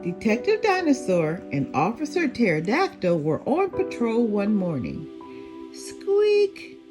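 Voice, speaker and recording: An older woman reading a children's picture book aloud as a storyteller, with expressive, animated delivery. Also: mid-range voice, moderate pace, over music.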